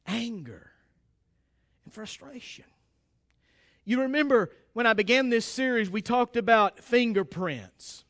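A man's voice: very high voice, unhurried, pauses often, a bit bright. A man preaching a sermon as pastor, speaking emphatically, often repeating and restarting his phrases and calling out directly to the congregation. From United States.

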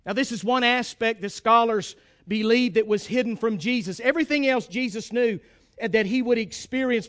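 A man preaching a sermon in an emphatic, pleading way, at times rising to a shout. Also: very high voice.

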